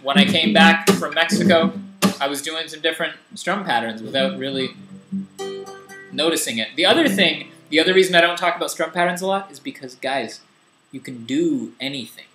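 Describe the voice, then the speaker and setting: A young man casually teaching a guitar lesson in a relaxed, rambling, self-deprecating way, with guitar strumming behind him. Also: a little high, brisk. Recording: echoey room with loud guitar.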